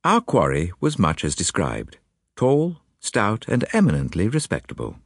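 A man reading a story aloud in a measured, storytelling manner. His voice sits low but moves through a very wide range of pitch. The recording is close and dry, with no room sound. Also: wildly swooping pitch, vocal fry, slightly rough, no echo. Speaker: audiobook narrator. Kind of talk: scripted narration.

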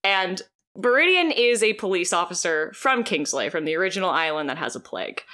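A young woman guest telling a story casually, animated, with lots of laughter and fillers. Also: mid-range voice, fairly quick. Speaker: podcast guest.

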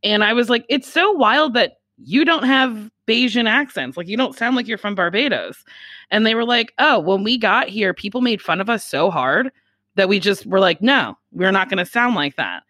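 A woman's voice: medium pitch, lively intonation, moderate pace, bright, forceful tone, dry recording, clean studio sound. A woman comedian, a guest on a chat podcast, talking bluntly, swearing freely and acting out other people's lines. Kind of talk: casual chat.

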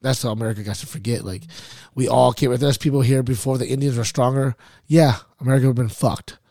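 Podcast host, male, gravelly edge, loose rambling talk, dry close mic. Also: mid-range voice, steady tone, fast talker, dark tone, dry recording. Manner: loose, rambling, swearing, says "like" a lot. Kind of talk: casual podcast chat.

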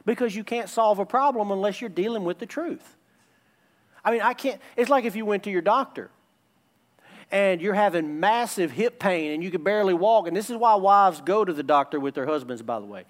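High-voiced man preaching emphatically. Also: animated, brisk. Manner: emphatic, repeats key phrases. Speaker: pastor. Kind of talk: sermon.

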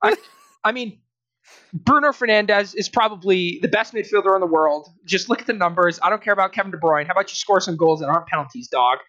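A man's voice: sits high, lively intonation, brisk, bright, forceful tone, no room sound, lo-fi sound. Exasperated young man ranting, dry sound. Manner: exasperated, ranting with frequent laughs and restarts. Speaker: podcast co-host. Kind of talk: casual sports podcast rant.

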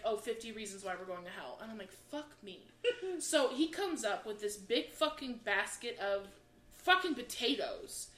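A woman co-hosting a comedy podcast, telling stories in an animated, profane way and acting out the voices of people in them. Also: fairly high pitch. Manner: animated, swears constantly, acts out voices. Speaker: podcast co-host. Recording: roomy echo with faint background hiss.

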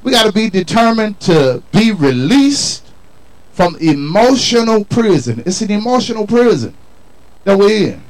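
A man's voice: sits high, big pitch swings, unhurried, poor audio. A man preaching a sermon in a colloquial, call-and-response style, emphatic and folksy. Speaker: pastor.

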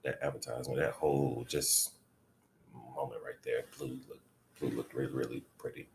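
A man's voice: rumbling low, little pitch movement, normal speed, gravelly, slight background noise. A man co-hosting a casual podcast, talking emphatically and cursing. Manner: emphatic, cursing, laughing along. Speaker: podcast co-host. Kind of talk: casual chat.

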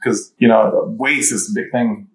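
A man co-hosting a podcast as the chef, speaking quietly and hesitantly, often repeating words while he thinks. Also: fairly low pitch, fairly even intonation, unhurried, gravelly. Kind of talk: casual chat while mixing drinks. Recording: echoey room.

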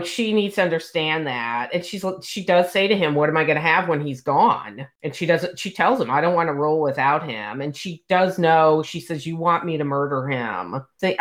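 Low-voiced woman recapping a book. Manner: animated retelling, acting out quoted lines. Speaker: podcast co-host discussing a book. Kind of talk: casual book discussion.

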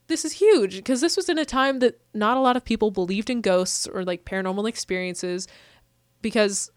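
A woman co-hosting a podcast, chatting casually and piling on fillers as she tells a story. She sits at a middle pitch for a woman. The room gives almost no echo. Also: clean studio sound. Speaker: podcast co-host. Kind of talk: casual chat.

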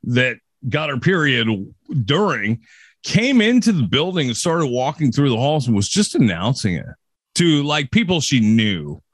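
A man's voice: mid-range voice, sing-song, measured pace, dry recording, clean studio sound. A man co-hosting a casual podcast, teasing his friends in an informal way. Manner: teasing, informal, says dude. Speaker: podcast co-host.

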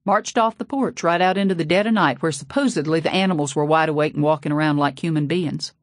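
A woman's voice: deep voice, fast, few pauses, no echo, clean studio sound. A woman narrating a novel in a folksy, sassy first-person voice. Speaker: audiobook narrator. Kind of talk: scripted narration.

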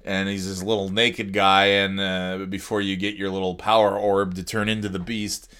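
A man's voice: low-pitched, flat delivery, normal speed, fairly bright tone, clear, resonant tone. A man hosting a casual solo podcast, sleepy and yawning, ranting sarcastically with plenty of swearing. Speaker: podcast host.

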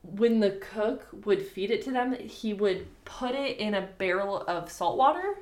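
A woman's voice: mid-range voice, expressive, a little slow, darkish tone. A young woman co-hosting a podcast, telling a history story in casual chat, laughing often and swearing freely. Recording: echoey room.

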